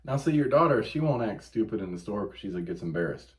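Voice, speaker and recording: A man with a fairly low voice talks fast while co-hosting a podcast, telling stories with lots of energy in casual conversation and swearing liberally.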